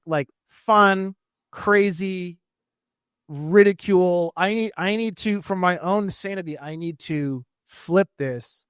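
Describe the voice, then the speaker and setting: A man as an interview guest, ranting heatedly with lots of swearing and fast bursts. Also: sits high, a bit bright, clean tone, dry recording, studio quality. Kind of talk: casual interview talk.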